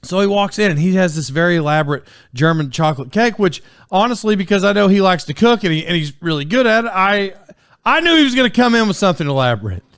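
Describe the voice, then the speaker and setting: A man's voice: high voice, animated, quick pace, a bit bright, clear, resonant tone, dry recording, studio quality. A man in his forties telling stories on his solo podcast in a casual, rambling way, full of fillers and restarts. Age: 40s. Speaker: podcast host.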